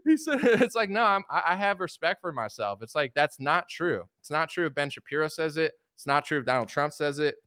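A young man with a voice on the high side rants briskly with few pauses, doing political commentary on a livestream full of sarcasm and mockery. He is animated throughout, and the sound is dry and clean, studio-grade.

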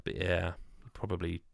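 A man's voice: deep voice, vocal fry, no room sound. A man hosting a casual gaming podcast panel, enthusiastic and opinionated, often restarting his sentences. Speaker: podcast host.

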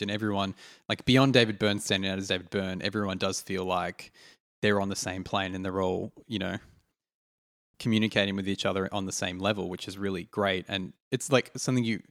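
A man's voice: sits low, a bit bright, no room sound, clean studio sound. A man co-hosting a casual chat, hesitant and searching for words. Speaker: podcast co-host.

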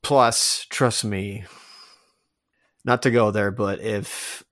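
A man's voice: lowish voice, fairly even intonation, very slow, fairly bright tone, no echo, clean studio sound. A man co-hosting a podcast, rambling and interrupting himself as he argues a point. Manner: rambling, self-interrupting, emphatic. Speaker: podcast co-host. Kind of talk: casual discussion.

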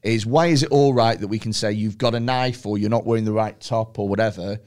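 A man's voice: on the low side, a little fast, darkish tone. Swearing, rambling man. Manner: rambling storyteller, swears freely, laughs often. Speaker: podcast host. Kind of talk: casual chat.

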